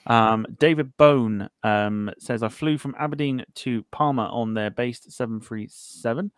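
A man's voice: medium pitch, measured pace, smooth, dry recording. A man hosting a podcast, chatting casually and reading out viewer comments, joking and stumbling over words now and then. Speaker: podcast host.

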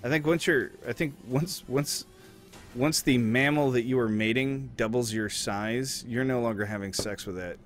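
Young male streamer on a headset, crude and rambling, mid-pitched, faint game music behind. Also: normal speed. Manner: crude, rambling, swears a lot. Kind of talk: casual gaming chat.

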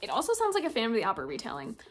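Chatty, higher-voiced woman gushing over books. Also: huge pitch swings, rapid-fire, a little hiss or hum. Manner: gushing, chatty, reads blurbs aloud. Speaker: booktuber. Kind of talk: casual book haul vlog.

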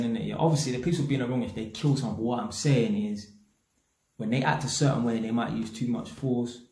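This English YouTube commentator speaks in a London accent, delivering a slang-heavy, blunt opinion rant directly to viewers and cursing freely. The voice is mid-range and steady, quick-paced, with vocal fry and a darkish tone in a reverberant space.

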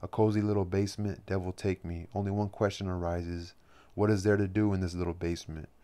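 A man's voice: sits low, little pitch movement, fairly quick, mellow, close to an everyday voice. A man reading the part of a sly male demonic emissary, speaking with mock politeness in an audiobook.

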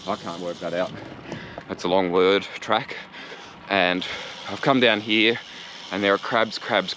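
Riding outdoors through a national park, an Australian man films a vlog and keeps chatting to the camera in a joking, upbeat way, heavy on local slang. His voice is on the low side. There is background noise along with background music.

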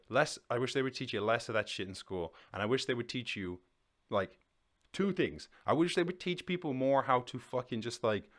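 A man's voice: fairly low pitch, fairly bright tone. A man hosting a podcast, ranting casually with constant swearing and rambling restarts. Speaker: podcast host.

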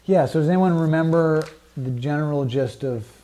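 Mellow-voiced man teaching a Bible class. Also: fairly high pitch, normal speed. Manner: conversational, many fillers, asks the group questions. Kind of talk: casual teaching talk.

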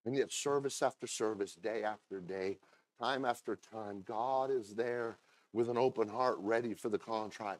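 Here a pastor preaches at a normal speed, his voice dropping low and confiding, then rising into loud, fiery shouts. He keeps repeating himself and starting phrases over.

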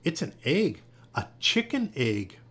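A man's voice: a little high, big pitch swings, slow, fairly bright tone, husky, heavily acted. A man reading aloud and voicing a know-it-all female frog who speaks in a sure, matter-of-fact way. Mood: assured.

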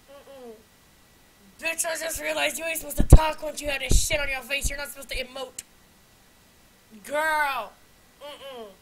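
High, bright-voiced young woman, swearing freely. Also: a little hiss or hum, poor audio. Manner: profane, loud exclamations and muttered hums. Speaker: vlogger. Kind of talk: casual unscripted vlog chat.

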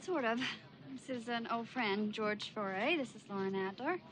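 A woman's voice: on the high side, animated, moderate pace, fairly bright tone, a little hiss or hum. An actress playing a reserved, uptight New York woman who speaks in short, guarded replies. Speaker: New York woman sharing her apartment with a French friend. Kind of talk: 1990 film romantic comedy acting.

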